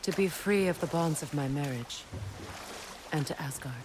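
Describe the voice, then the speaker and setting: A woman's voice: low voice, moderate pace, noisy background, close to an everyday voice. An actress playing a bitter, sarcastic goddess and grieving mother in a video game, talking in a dry, reflective way.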